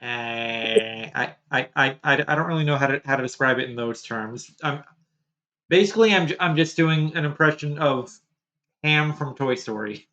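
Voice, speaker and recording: A man streaming a game, chatting casually and haltingly, often repeating his words. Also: mid-range voice, muffled recording. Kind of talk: casual chat while playing a game. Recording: loud game music behind.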